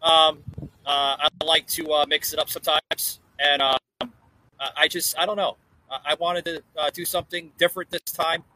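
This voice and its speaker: A man's voice: on the high side, level tone, normal speed, noisy background. A man hosting a casual political podcast from a porch outdoors, talking with lots of fillers and restarts. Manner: hesitant, many fillers and restarts. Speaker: podcast host. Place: outdoor porch in a hot climate.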